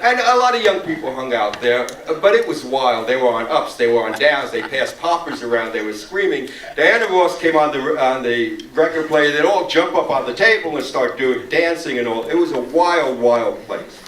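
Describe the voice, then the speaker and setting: A man's voice: medium pitch, lively intonation, normal speed, hardly any pauses, a bit bright, a little hiss or hum. A man telling a story at a discussion after a film screening, acting out the voices of the people in it. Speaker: panel speaker. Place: theater auditorium. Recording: echoey room, far from the mic.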